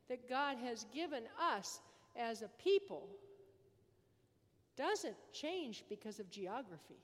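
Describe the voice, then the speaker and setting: A woman priest giving a sermon in an earnest manner, leaning on repetition for emphasis, in a large church. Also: fairly high pitch. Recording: long church reverb.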